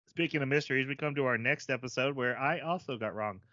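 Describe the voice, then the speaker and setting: Bright-voiced man chatting about anime. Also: medium pitch, moderate pace, no room sound, highs cut off. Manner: animated, self-deprecating, laughs often. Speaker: podcast co-host. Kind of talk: casual chat.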